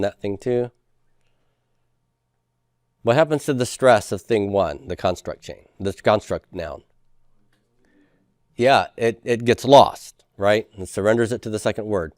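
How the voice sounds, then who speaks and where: A man's voice: medium pitch, clean tone, dry recording, studio quality. A man giving a classroom lecture, asking his students questions and answering them himself. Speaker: professor.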